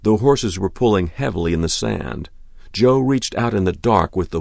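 A man narrating a short story in a measured, deliberate reading. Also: lowish voice, lively intonation, vocal fry, darkish tone, no echo.

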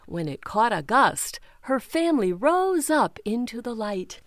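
Woman storytime reader, higher voice, animated, unhurried read-aloud, dry close sound. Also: no echo. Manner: slow, expressive read-aloud with character voices. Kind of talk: reading picture books aloud.

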